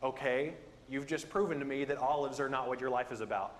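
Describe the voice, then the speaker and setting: A man teaching a Bible class in a conversational, self-deprecating, animated way. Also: medium pitch, a little fast. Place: church building. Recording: echoey hall with long reverb.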